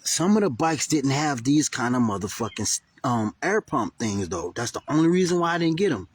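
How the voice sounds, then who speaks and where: A man's voice: medium pitch, moderate pace, slightly rough, dry recording. Profane, rambling man telling a story. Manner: rambling, profane, animated retelling with many restarts. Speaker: vlogger. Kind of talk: casual storytelling to camera. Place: near Burlington, Vermont.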